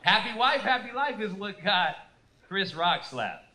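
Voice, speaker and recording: A man in his thirties doing a profane, animated stand-up set, acting out voices of people he describes. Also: high voice, a little slow. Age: 30s. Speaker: stand-up comedian. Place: comedy stage before a live audience. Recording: roomy live venue with audience noise.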